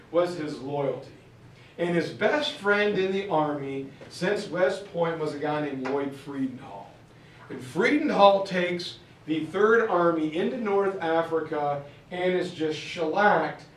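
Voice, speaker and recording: High-voiced man lecturing in an echoey room. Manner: chatty storytelling with fillers and asides. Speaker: history teacher. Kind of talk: casual lecture. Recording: echoey room, mic far off.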